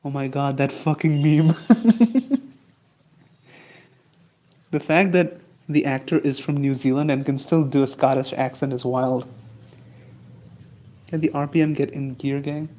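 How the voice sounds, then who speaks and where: A man's voice: on the high side, a little slow, long pauses, mellow. A man streaming live, chatting casually and rambling as he answers his chat while he draws. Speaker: streamer and artist.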